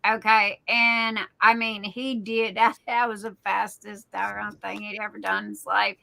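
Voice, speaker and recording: A woman's voice: on the high side, steady tone, measured pace, creaky, few pauses, sharp tone, low-quality recording. A middle-aged woman, chatting casually as a guest on a live stream. She tells stories in a rambling way and often repeats and restarts her words. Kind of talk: casual chat.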